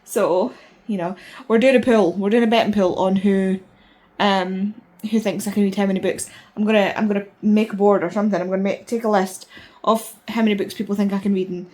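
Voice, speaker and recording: Woman, 30s, casual vlog chat, rambling, excitable, a bit tired. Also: medium pitch. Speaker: book vlogger.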